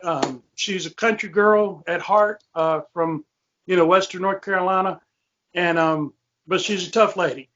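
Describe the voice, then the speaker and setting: A man's voice: sits high, steady tone, a little slow, a bit bright, a little hiss or hum. A man hosting a podcast, telling a ghost story in a rambling way with lots of fillers and restarts. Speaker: podcast host. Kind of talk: casual storytelling. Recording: muffled lo-fi podcast audio.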